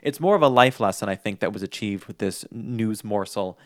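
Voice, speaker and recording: A man's voice: fairly low pitch, a little fast. A man hosting a podcast in casual chat, easygoing and a little rambling, with chuckles. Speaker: podcast host.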